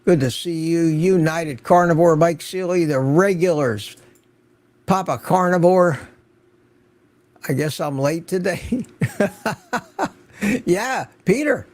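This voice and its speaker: A man's voice: fairly high pitch, animated, slow, long pauses, darkish tone. An older man hosting an unscripted livestream, chatting casually and greeting viewers by name from the chat. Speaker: livestream host.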